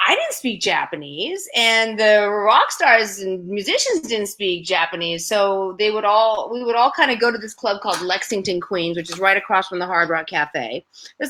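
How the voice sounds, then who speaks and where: A woman's voice: mid-range voice, pushed and bright. A middle-aged woman, a guest in an interview, chatty, telling anecdotes and acting out the voices of people in them. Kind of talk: animated storytelling in an interview.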